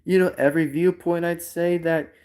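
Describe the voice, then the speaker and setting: A man hosting a live stream talks loosely and at length, circling back over the same points and leaning on filler phrases. His voice sits a little higher than most men's. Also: steady tone, moderate pace, a little mellow. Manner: rambling and repetitive, full of filler phrases. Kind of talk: unscripted live stream chat.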